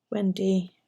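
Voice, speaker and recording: A middle-aged woman with an English accent chats casually and swears freely while working on her bullet journal and telling stories. Her voice is mid-range with vocal fry.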